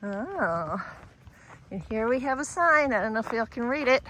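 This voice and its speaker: A woman's voice: high voice, fast, fairly bright tone. A woman vlogs her hike outdoors into a handheld camera. She is chatty and candid, sometimes catching her breath between sentences. Faint outdoor noise sits behind her voice. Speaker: hiking vlogger. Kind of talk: casual trail vlog. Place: outdoors on a mountain trail.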